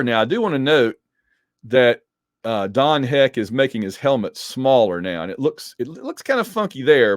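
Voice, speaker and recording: A man casually reviewing a comic book issue, animated and digressive, with joking asides. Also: medium pitch, no room sound, clean studio sound. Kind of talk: casual commentary.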